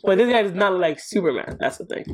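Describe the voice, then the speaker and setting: A man's voice: high-pitched, lively intonation, fast. A man in casual podcast chat, offhand and hesitant. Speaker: podcast co-host.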